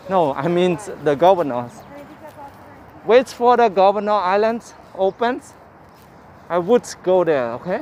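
A man's voice: high-pitched, animated, measured pace, long pauses, a little mellow, lo-fi sound, slight background noise. A man hosting a live walking-tour stream outdoors in a city park, chatting cheerfully in simple broken English and thanking viewers by name. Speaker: livestream walking-tour host. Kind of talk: casual live-stream chat.

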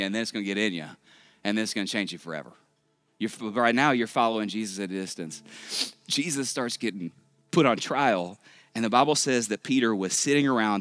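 Joking, animated man preaching a sermon. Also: fairly low pitch, no room sound. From Texas. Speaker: pastor. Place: large church auditorium.

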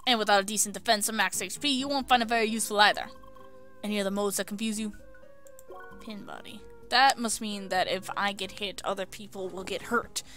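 A woman's voice: mid-range voice, fairly even intonation, fairly quick, a bit bright, soft background music. A young woman hosting a video game playthrough, reading tutorial text aloud and adding casual asides. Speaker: let's play host.

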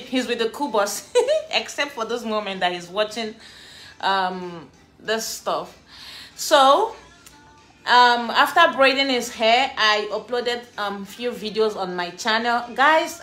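A woman chatting to her followers in a casual vlog, laughing often and ranting with animated energy. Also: a little high, measured pace, faint music behind. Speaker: vlogger.

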